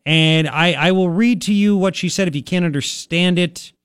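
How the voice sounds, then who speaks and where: A man's voice: high-pitched, normal speed, clean tone, no echo, clean studio sound. Sarcastic male talk radio host. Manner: mocking, sarcastic, animated.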